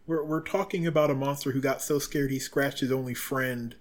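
A man's voice: mid-range voice, steady tone, brisk. A man speaking in character as a player in a tabletop game, often stammering and repeating words. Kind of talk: in-character tabletop role-play.

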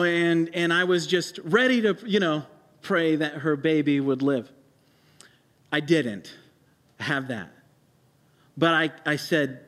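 Pastor, male, higher-pitched voice, preaching in a church hall with long reverb. Halting storytelling that grows emphatic. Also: a bit bright. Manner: halting storytelling with many restarts and fillers, rising to emphatic preaching. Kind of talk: sermon.

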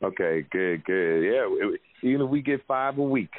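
Deep-voiced man telling stories over a tinny line. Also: moderate pace, no room sound. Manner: loose, profane storytelling with animated quoted voices. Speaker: podcast host, comedian. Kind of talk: casual podcast chat. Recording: tinny phone-like sound.

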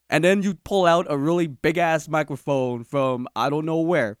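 A man's voice: fairly high pitch, normal speed, few pauses, smooth, dry recording, studio quality. A man hosting a podcast, telling a comic story in casual slang and laughing often. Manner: animated, laughs often, slangy, jumps into shouted quotes. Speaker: podcast host.

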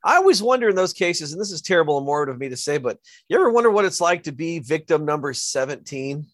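Man from New York, high voice, close dry sound; wry, swears freely. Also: sing-song, quick pace, no echo. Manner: wry, profane banter. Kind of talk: casual chat.

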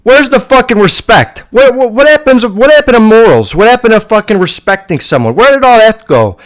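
A man's voice: extremely high pitch, animated, brisk, pitched above the performer's own voice. A man putting on the voice of an indignant old grandfather ranting with exasperated rhetorical questions.

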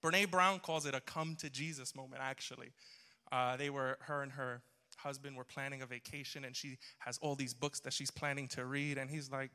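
Bright-voiced joking preacher in a hall. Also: male voice, mid-range voice, level tone, moderate pace, smooth. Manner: joking, storytelling, audience banter. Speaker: pastor. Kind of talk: humorous sermon. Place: church hall. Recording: long hall reverb.

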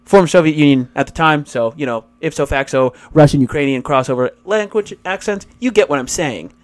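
A man's voice: fairly high pitch, fairly quick. A man co-hosting a podcast, rambling through casual stories, swearing and laughing often. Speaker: podcast co-host. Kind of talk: casual podcast chat and anecdote.

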